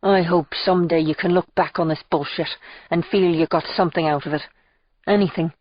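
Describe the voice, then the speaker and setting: A woman reading the part of a boisterous, slightly drunk middle-aged man, in a loud, blustering manner, for an audiobook. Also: on the low side, fairly even intonation, fairly quick, highs cut off, close to an everyday voice.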